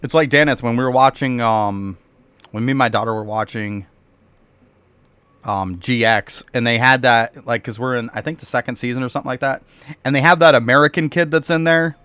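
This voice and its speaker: A man's voice: medium pitch, fairly even intonation, fairly quick, a bit bright, clear, resonant tone, no echo. Blunt, foul-mouthed streamer man. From New York State, US. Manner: blunt, profane, rambling rants. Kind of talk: casual live-stream chat with viewers.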